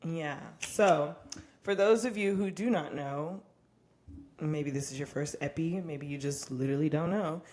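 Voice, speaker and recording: Brief: young woman, lowish voice, frank and profane podcast co-host, laughs easily. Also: a little slow, a little mellow. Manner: candid and profane, laughs often. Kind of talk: casual podcast chat.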